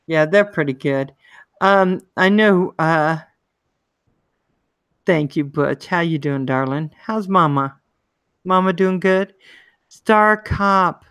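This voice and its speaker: Maryland woman hosting a live chat, unhurried and chatty, smooth dry close voice. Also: lowish voice, a bit bright, no echo. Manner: chatty, greets viewers by name, laughs often. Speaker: livestream host. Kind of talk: casual live chat reading comments.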